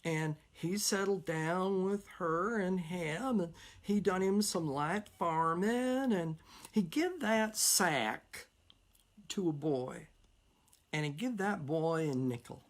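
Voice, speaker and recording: A woman's voice: lowish voice, expressive, slow. A woman telling a folktale, with a drawling, repetitive rhythm and plain country phrasing. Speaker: storyteller. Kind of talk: folktale storytelling.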